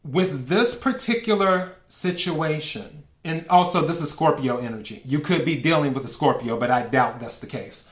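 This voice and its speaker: A man's voice: on the high side, moderate pace, hardly any pauses, fairly bright tone. A man giving a casual tarot reading, asking for cards politely and breaking into laughter often. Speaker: tarot reader. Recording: echoey room.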